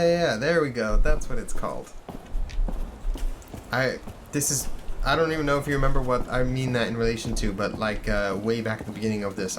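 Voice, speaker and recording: A man's voice: medium pitch, noisy background. A man hosting a gaming channel, giving casual let's-play commentary in a jokey, rambling, self-deprecating way. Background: game music.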